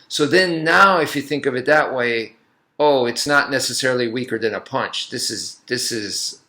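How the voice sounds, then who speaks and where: Bright-voiced man teaching self-defense. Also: mid-range voice. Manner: animated, acts out street confrontations. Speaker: martial arts instructor. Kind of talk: casual demonstration talk.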